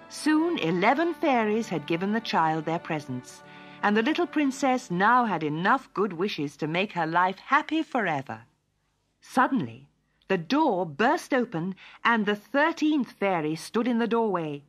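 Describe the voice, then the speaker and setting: A woman narrating a fairy tale for children in an expressive, lilting storytelling manner. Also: mid-range voice, measured pace, faint music behind.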